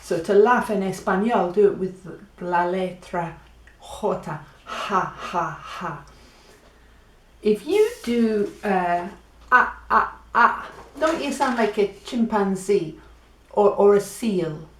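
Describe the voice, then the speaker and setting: A woman gives a playful Spanish lesson and acts out laughs and animal sounds to make her points. She speaks unhurriedly at a middling pitch, and her voice rings in a roomy, echoing space. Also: takes it slowly, darkish tone. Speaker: Spanish teacher. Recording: echoey room.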